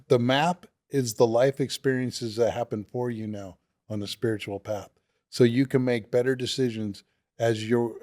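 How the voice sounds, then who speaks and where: Male podcast co-host, low voice, casual and eager. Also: dark tone. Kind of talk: casual recovery podcast talk.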